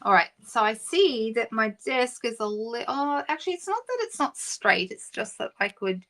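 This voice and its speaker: A woman's voice: a little high, animated, moderate pace, a bit bright. A middle-aged woman hosting a papercraft live stream, chatting casually and greeting viewers by name. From Australia.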